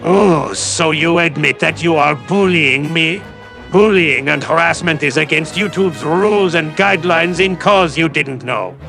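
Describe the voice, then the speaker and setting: A man's voice: fairly high pitch, a little slow, creaky, over music. A man giving a sarcastic, condescending callout commentary as a YouTube commentator.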